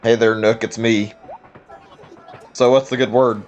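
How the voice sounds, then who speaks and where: A man's voice: mid-range voice, flat delivery, measured pace, muffled recording, soft background music, close to an everyday voice. A man voicing a chatty, nosy male cat traveler from a video game in breezy, teasing banter.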